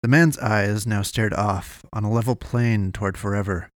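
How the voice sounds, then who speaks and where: A man narrating a dark fantasy story in a measured, deliberate reading. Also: lowish voice, steady tone, dry recording, studio quality. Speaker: audiobook narrator. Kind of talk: scripted fiction narration.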